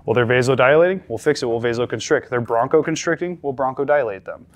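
A man's voice: medium pitch, fast. A male paramedic instructor giving a classroom lecture, talking conversationally and repeating the key points with emphasis.

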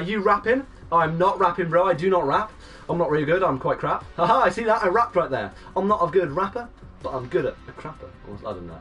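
A young man in his twenties live-streaming a game, greeting and thanking viewers and breaking into excited shouts. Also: sits high, distant mic. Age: 20s. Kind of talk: live-stream chat reading out viewers' messages.

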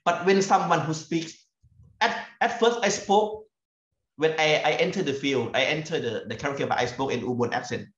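Halting and frequently repeating words as he gropes for phrasing, a Thai-accented lecturer from northeastern Thailand shares fieldwork stories in an academic talk. His voice sits a little high with a fairly bright tone. The echoey, slightly dull acoustics suggest a lecture room.

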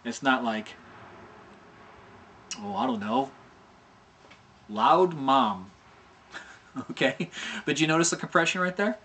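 A man's voice: fairly high pitch, animated, unhurried, vocal fry, long pauses, sharp tone. A middle-aged man giving a casual animation tutorial, chatty and informal, often checking in with "okay?" and sounding out mouth shapes as he explains. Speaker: animation instructor.

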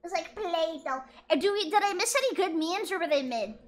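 Young female streamer, very high lively voice, excitable, casual chat. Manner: excitable, loud, drawn-out exclamations.

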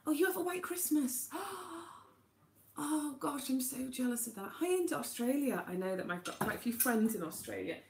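A young woman from Wales chatting quickly on a live stream from her home kitchen, greeting viewers by name while she cooks, recorded on a tablet. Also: high voice, animated, gravelly, a little mellow, reverberant. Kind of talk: casual live-stream chat. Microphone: tablet camera.

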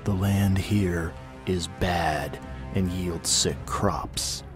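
A man voicing an unseen clawed intruder who whispers slow, soft threats. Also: low-pitched, fairly even intonation, music in the background. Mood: menacing.

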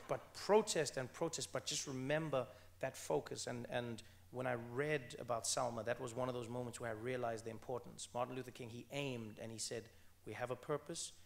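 An earnest South African man in his thirties, talking onstage as an author at a book event. His voice has a gravelly, creaky edge and sits at a middling pitch. He presses his points hard and circles back to repeat key phrases. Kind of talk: onstage conversation.

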